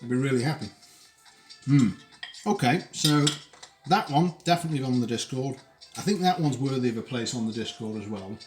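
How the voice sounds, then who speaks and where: A man's voice: medium pitch, lively intonation, brisk, over music. A man hosting a casual live cooking stream from his home kitchen, chatting while he eats. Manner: chatty, talks while eating. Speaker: streamer host.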